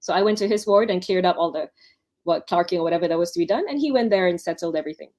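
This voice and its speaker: On an online panel, a woman doctor races through chatty, story-filled advice for new doctors, dramatizing the quoted speech. Her voice is lowish and a little mellow.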